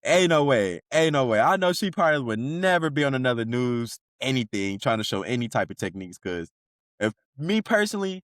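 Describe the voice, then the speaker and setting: A man hosts a casual podcast, talking loosely in heavy slang and laughing as he goes. His pitch rises and falls a lot, and his voice sits dry and close with no room sound. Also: very animated, brisk, no echo. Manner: profane slang-heavy banter, laughs often. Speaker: podcast host. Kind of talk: casual commentary.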